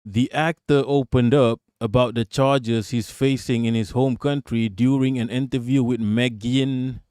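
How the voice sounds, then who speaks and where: A man's voice: mid-range voice, steady tone, unhurried, a little mellow, clean tone, no echo, clean studio sound. A man hosting a live stream, reacting to news and chatting with viewers in a profane, sarcastic way. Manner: profane, sarcastic, talks to chat. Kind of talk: casual live-stream commentary.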